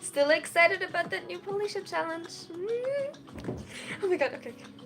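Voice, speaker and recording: A young woman chatting casually on a live stream, reading and answering chat messages in an excitable, tired way from a small dorm room. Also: very high-pitched, normal speed, over music. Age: young adult. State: sleep-deprived, tired.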